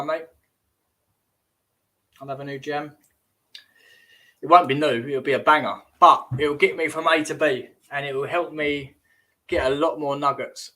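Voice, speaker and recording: A man's voice: medium pitch, bright, forceful tone. A man hosting a casual livestream, rambling and exclamatory, often trailing off and restarting mid-sentence. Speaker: host.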